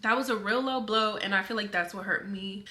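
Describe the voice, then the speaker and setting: A woman's voice: medium pitch, brisk, sharp tone. A young woman vlogger talking casually to camera, defending herself in a rambling way with lots of filler words.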